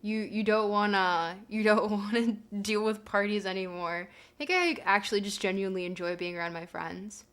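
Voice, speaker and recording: A woman's voice: medium pitch, moderate pace, few pauses, fairly bright tone, clean tone. A woman hosting a casual livestream, chatting to her viewers in a rambling way, with plenty of fillers as she thinks aloud. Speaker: livestream host.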